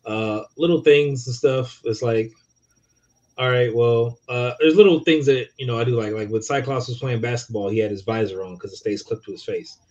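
A man's voice: medium pitch, normal speed, a little mellow, dull audio. A man co-hosting a casual review chat, talking loosely and rambling through his points. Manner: loose and rambling, full of fillers. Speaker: podcast co-host.

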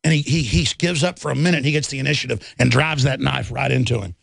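A man's voice: medium pitch, fast, vocal fry, fairly bright tone, dry recording. A male radio talk show host delivering a fiery, combative political monologue in a heated, ranting manner.

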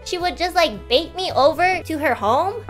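A young woman in her twenties tells a story to her stream, animated and exasperated, with frequent swearing. Her voice sits high. Faint music plays in the background. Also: normal speed. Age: 20s. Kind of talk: casual storytelling to a live stream.

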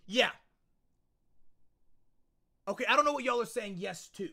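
A man streaming a video game live, excitable and loud, chatting with viewers and often repeating his phrases. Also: very high voice, a little slow, creaky, pauses often. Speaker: gaming streamer. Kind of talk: energetic livestream chat.

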